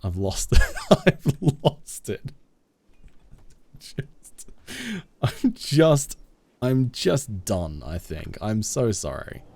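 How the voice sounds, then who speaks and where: A man's voice: lowish voice, big pitch swings, extremely slow, creaky, long pauses, a little mellow. A man live-streaming a game, chatting casually with viewers in a goofy, self-mocking way.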